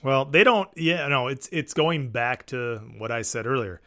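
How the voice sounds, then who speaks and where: A man's voice: medium pitch, animated, measured pace, a bit bright. A man co-hosting a podcast, bantering and teasing about football. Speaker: podcast co-host. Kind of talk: casual sports chat.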